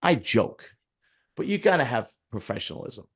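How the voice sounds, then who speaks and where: A man's voice: medium pitch, very animated, moderate pace, breathy edge. A man hosting a podcast in casual chat, rambling and blunt with many restarts. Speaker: podcast host.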